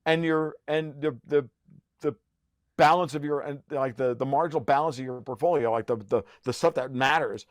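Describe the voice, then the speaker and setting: A man's voice: mid-range voice, moderate pace, dry recording. A man who is a podcast guest, talking in a heated conversational rant. He is profane and sarcastic, and he often restarts his sentences.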